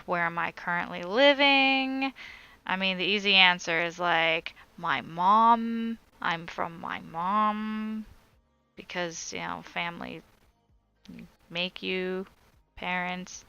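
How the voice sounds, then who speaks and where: A woman's voice: lowish voice, slow, sharp tone, clear, resonant tone, dry recording, dull audio, faint music behind. A woman on a crochet live stream, chatting casually as she reads viewer comments aloud and answers them.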